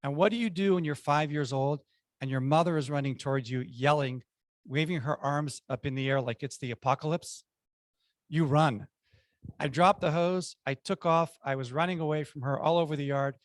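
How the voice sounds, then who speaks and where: A man's voice: on the high side, normal speed, no echo. A man giving a prepared club speech, telling childhood stories with punchy numbered lessons.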